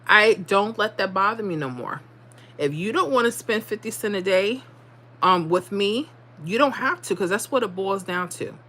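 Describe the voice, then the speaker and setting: Her mid-range voice is expressive, pushed and bright, moving at a moderate pace. Hosting a casual livestream, she talks straight to her audience with blunt encouragement, repeats herself a lot and slips into dialect.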